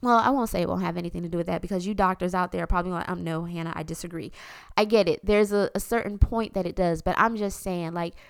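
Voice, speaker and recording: A woman in her thirties talks straight into the mic in a candid, chatty podcast monologue. Her voice is smooth and crisp, and the sound is dry and close with no room around it. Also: lowish voice, steady tone, fast, hardly any pauses, no echo. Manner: candid, chatty, with frequent fillers. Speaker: podcast host.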